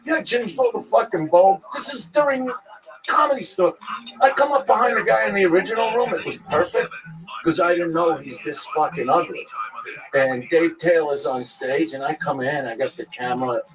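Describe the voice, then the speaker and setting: This interview guest has a voice on the high side and speaks at a normal pace. Crowd noise fills the background of the poor-quality audio as he rambles through profane anecdotes, mimicking the voices of the people in them.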